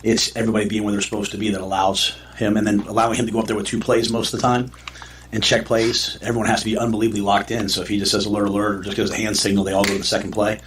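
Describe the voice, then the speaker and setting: Fast-talking low-voiced football coach. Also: male voice, level tone, fairly bright tone, slight background noise. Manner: rambling, restarts phrases, lots of "you know". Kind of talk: press conference answers.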